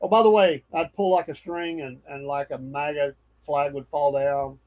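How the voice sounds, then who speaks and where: A man's voice: on the high side, steady tone, moderate pace, darkish tone, low-quality recording. A man co-hosting a morning radio show, blunt and opinionated in easygoing banter. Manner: plain-spoken, opinionated, easygoing.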